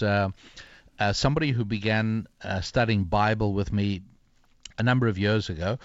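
An older man, an author being interviewed, telling a story reflectively with pauses and restarts. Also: fairly low pitch, dry recording, dull audio. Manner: reflective, many fillers and restarts. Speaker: author and guest.

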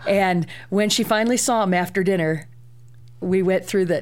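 A woman's voice: medium pitch, normal speed. Middle-aged woman telling family stories. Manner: lively anecdotal telling with fillers. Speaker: guest parent. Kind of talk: storytelling on a talk show.

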